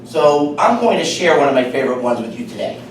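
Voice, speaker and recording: A man's voice: fairly high pitch, sing-song, fast, a little hiss or hum. A man giving a humorous speech at a club meeting, chatty and joke-telling, in an echoey room from far off. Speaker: club speaker.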